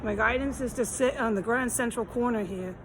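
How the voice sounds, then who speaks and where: A woman's voice: on the high side, fairly quick, a bit bright, a little hiss or hum, poor audio. A woman filming herself outdoors on a city street, talking in a rambling, aggrieved, repetitive way while hot and tired. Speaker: vlogger. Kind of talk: rambling walk-and-talk vlog.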